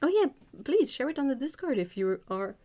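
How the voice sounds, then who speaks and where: A woman's voice: sits high, very animated, a little fast, warm tone. Giggly French Canadian woman streaming. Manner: giggly, laughs often between sentences. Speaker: art livestream host. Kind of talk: casual livestream chat while painting.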